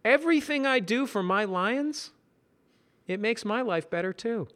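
A man's voice: high voice, expressive, measured pace, a bit bright, pitched above the performer's own voice. A man voicing Simon, an earnest young office worker who speaks in a precise, slightly grand way.

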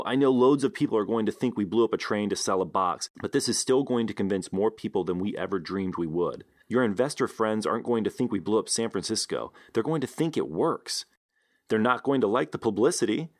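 A man voicing an excitable, blunt male inventor in a read-aloud story, with eager, emphatic delivery. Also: lowish voice, brisk, no echo, studio quality, pitched above the performer's own voice. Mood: excited. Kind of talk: audiobook character voice.

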